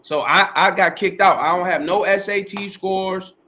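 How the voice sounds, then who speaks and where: A man's voice: high-pitched, steady tone, moderate pace, sharp tone. A middle-aged man, a podcast host, telling his life story in a casual interview, rambling, repeating himself and using slang and profanity.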